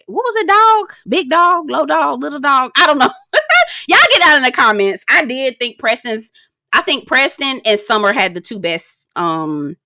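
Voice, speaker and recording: A young woman gives casual, blunt, profane commentary on a reality show, laughing often and chatting straight to her viewers. Her high voice is sing-song, bright, and forceful, at a normal speed with no echo.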